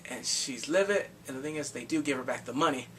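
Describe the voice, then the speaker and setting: A man casually recapping a movie plot in a rambling, excitable way, with blunt crude slang. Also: mid-range voice, fast. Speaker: movie reviewer. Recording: distant mic with faint background noise.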